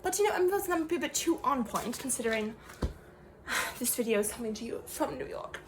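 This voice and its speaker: A woman's voice: high voice, expressive, brisk, a little hiss or hum. A young woman playing a self-serious fake professor in an improvised comedy sketch, talking in a rambling, mock-serious way with lots of fillers and trailing sentences. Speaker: comedy creator.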